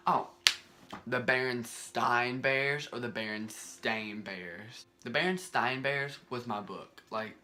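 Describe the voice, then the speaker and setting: A young man, talking casually and rambling to camera in a vlog, often exasperated and animated. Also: medium pitch, takes it slowly, music in the background. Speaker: vlogger.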